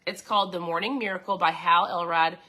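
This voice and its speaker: A woman's voice: fairly low pitch, fairly even intonation, brisk, bright, forceful tone. A woman hosting a podcast in a casual, enthusiastic talk, speaking straight to her listeners and reading passages from a book. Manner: chatty, enthusiastic, addresses listeners directly. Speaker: podcast host.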